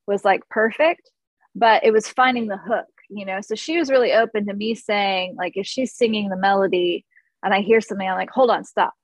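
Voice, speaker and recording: A woman's voice: medium pitch, dry recording, rough recording. A woman who produces music, chatting in an interview and acting out studio moments as she tells them. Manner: animated storyteller, acts out studio moments. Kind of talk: casual interview chat.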